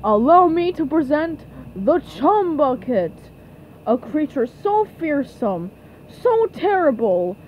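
A woman's voice: sits high, big pitch swings, takes it slowly, muffled recording, a little hiss or hum, exaggerated voice. A woman voicing a pompous, spiteful tiny male villain in a cartoon fan dub. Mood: gloating. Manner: gloating, theatrical.

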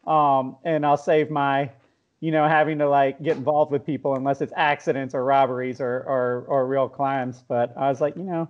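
A man's voice: mid-range voice, little pitch movement, moderate pace, highs cut off. A man co-hosting a podcast, chatting in a joking, self-mocking way and laughing a lot. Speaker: podcast co-host. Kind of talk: casual chat.

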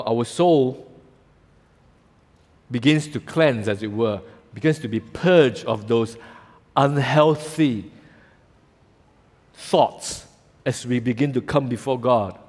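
A man with a Malaysian English accent preaching a sermon as pastor, telling the story with animated acted-out voices. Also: mid-range voice. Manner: animated storytelling, acting out voices in quoted lines. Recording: long reverb of a church hall.

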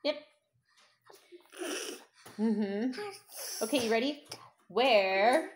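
A young woman teaching a toddler phonics at home, sounding out letters slowly in a sing-song, encouraging way. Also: on the high side, lively intonation. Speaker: parent teaching a child to read.

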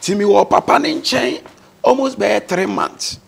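A man's voice: high-pitched, expressive, unhurried, vocal fry, breathy edge. A man with a Ghanaian accent, a guest on a talk show, earnestly telling his life story and mixing English words into his speech.

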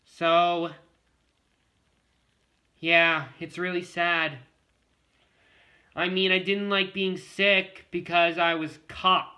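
A man's voice: high-pitched, flat delivery, extremely slow, long pauses, pushed and bright. A male vlogger talking casually to the camera, rambling and repeating himself as he keeps addressing his viewers.

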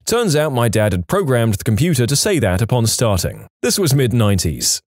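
A man narrating scripted spooky anecdotes in an animated storytelling manner. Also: a little fast, dry recording, clean studio sound. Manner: animated storytelling with lively pitch swings.

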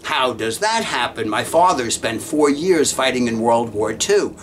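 A man's voice: mid-range voice, lively intonation, unhurried, a bit bright, a little hiss or hum. An American man in his sixties giving a classroom lecture, emphatic and repetitive as he tells stories. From United States. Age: 60s. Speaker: college lecturer.

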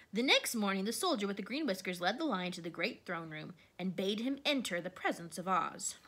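A woman reading a children's storybook aloud with expressive delivery. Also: fairly quick, hardly any pauses. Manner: expressive, varies pitch. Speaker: narrator.

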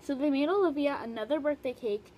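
A woman reading a children's picture book aloud in a lively storytelling way, with short remarks about the pictures between passages. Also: sits high, fairly quick, muffled recording, slight background noise. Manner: animated read-aloud, brief asides about the pictures. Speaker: storybook reader.

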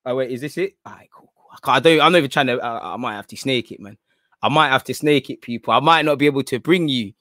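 A man hosting a live stream in casual chat. He is slangy and rambling, and he shifts between low mutters and excited outbursts. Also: fast talker, dry recording, clean studio sound.

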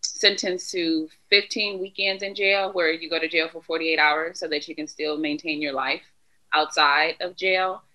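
Bright-voiced woman telling her story. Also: low voice, normal speed, rough recording. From Philadelphia area. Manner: candid, animated retelling with quoted dialogue. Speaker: podcast guest. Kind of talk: casual conversational storytelling.

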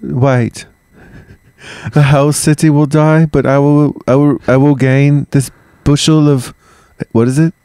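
A man's voice: on the high side, steady tone, measured pace, mellow, smooth, no echo, pitched above the performer's own voice. A man voicing a greedy, anxious ancient Roman woman traitor in comedic improvised role-play, in a raised, strained voice and a fretful, bumbling manner. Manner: fretful, pestering, comically bumbling.

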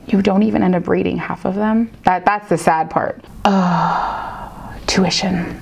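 A woman teacher giving casual reaction commentary, animated and dramatic, slipping into quick put-on voices. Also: lowish voice, gravelly, a little hiss or hum.

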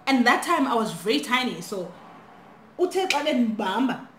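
A young woman telling an animated storytime on her phone, switching languages mid-sentence. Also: on the high side, moderate pace. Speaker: vlogger. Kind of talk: storytime vlog. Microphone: phone camera. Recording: echoey room, faint noise.

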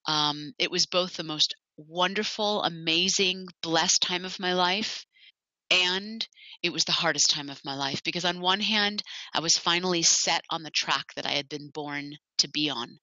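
Low-voiced woman, earnest and heartfelt. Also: pushed and bright, dry recording. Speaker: animal sanctuary founder. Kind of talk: personal talk. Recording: dull lo-fi, dry.

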